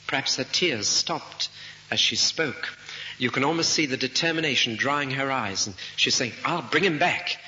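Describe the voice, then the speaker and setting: A man's voice: mid-range voice, moderate pace, bright, forceful tone. A man preaching an expository sermon, thoughtful and given to rhetorical questions. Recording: dull lo-fi recording with faint hiss.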